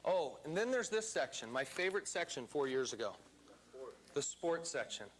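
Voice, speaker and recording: A man tells a story to a live audience in a theatrical, animated way. His voice is high and swoops widely as he talks. A faint hum sits in the background. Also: normal speed. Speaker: seminar speaker.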